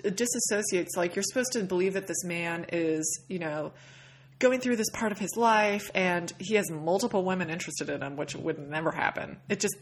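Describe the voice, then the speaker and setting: A woman's voice: on the low side, moderate pace. A woman co-hosting a podcast, talking casually about a film. She is opinionated and exasperated, often trailing off. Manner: opinionated and exasperated, trails off and drops to a near whisper. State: married. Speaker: podcast co-host.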